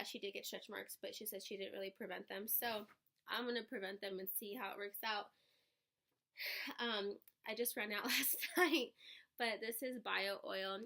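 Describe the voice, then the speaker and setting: A woman's voice: mid-range voice, creaky, bright, forceful tone. A young woman vlogging casually about her pregnancy, chatty and rambling, often laughing. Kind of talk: casual pregnancy update vlog.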